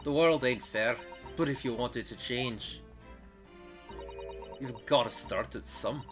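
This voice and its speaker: A man's voice: medium pitch, takes it slowly, over music, natural voice. A man doing a tough street girl in a Scottish accent. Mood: earnest. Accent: attempted Scottish. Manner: blunt, streetwise slang. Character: tough young female street urchin from the slums. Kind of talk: video game voice-over playthrough.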